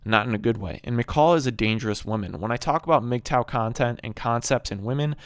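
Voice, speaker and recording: A man's voice: mid-range voice, a little fast, clean tone, dry recording, clean studio sound. Male commentator, preachy and emphatic, repeats his points, ordinary mid-range voice. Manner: emphatic, rhetorical questions, repeats phrases. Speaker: video commentator on Bible stories. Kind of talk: preachy monologue.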